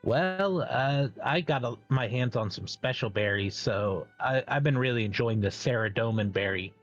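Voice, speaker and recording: A man plays his character in a tabletop game, flat and matter-of-fact. His mic sounds dull and lo-fi, with faint music underneath. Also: medium pitch, normal speed. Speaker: player.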